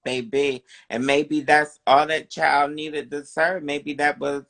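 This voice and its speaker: A man hosting a live chat show, giving supportive advice in an affirming, drawn-out way with sassy slang. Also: a little high, level tone, creaky, fairly bright tone. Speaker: host.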